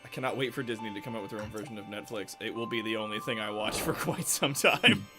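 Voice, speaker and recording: Male streamer, animated casual chatter with frequent swearing, game music in the background. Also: lowish voice, fast. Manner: animated, swears a lot, laughs often. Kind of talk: casual gaming stream chat.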